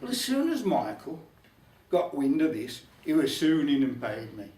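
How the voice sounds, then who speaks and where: Older Black Country male storyteller, wry and chatty; high, animated voice in a roomy hall, distant mic. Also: moderate pace. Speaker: folk club storyteller. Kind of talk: humorous storytelling to a live audience. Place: folk club room.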